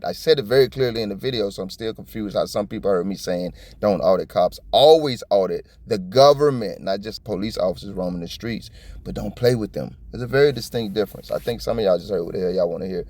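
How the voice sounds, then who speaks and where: A middle-aged man from South Florida rants through a reaction video in a fast, tumbling delivery, blunt and profane. His voice sits fairly low. Every so often he trips over words, then presses right on. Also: darkish tone, no room sound. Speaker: copwatch commentator. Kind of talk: casual reaction commentary.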